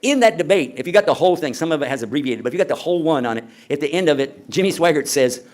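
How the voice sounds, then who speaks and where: A man's voice: fairly high pitch, expressive, racing, few pauses. A man lecturing at a conference in a conversational way, asking the audience rhetorical questions. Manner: acts out quoted speakers. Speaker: Islamic lecturer.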